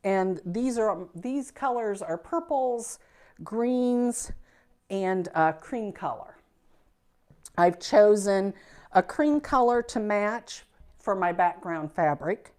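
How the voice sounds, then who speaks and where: Slow, chatty Midwestern woman teaching quilting. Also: mid-range voice, animated, darkish tone. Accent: Midwestern American. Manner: chatty, folksy, self-deprecating. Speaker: quilting instructor. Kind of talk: casual sewing demonstration. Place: sewing room.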